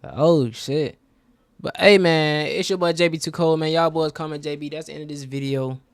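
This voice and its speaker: A young man hosting a reaction video, talking casually in excitable slang. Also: fairly high pitch, moderate pace, no echo.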